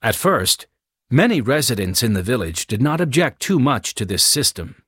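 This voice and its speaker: A man narrating an audiobook in a clear, expressive storytelling manner. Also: mid-range voice, normal speed, no room sound, clean studio sound.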